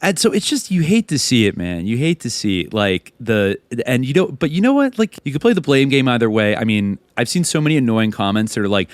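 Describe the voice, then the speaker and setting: A man's voice: medium pitch, a little fast, hardly any pauses, no room sound. A man co-hosting a podcast, telling a story casually with lots of swearing and acted-out quotes. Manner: profane, animated, acts out quoted people. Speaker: podcast co-host.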